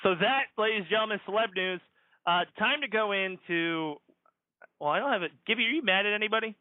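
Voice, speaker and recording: A young man hosting a podcast, bantering and joking about himself in a relaxed way. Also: high-pitched, a little fast, no echo. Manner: joking, self-mocking. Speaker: podcast host. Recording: tinny phone-like recording.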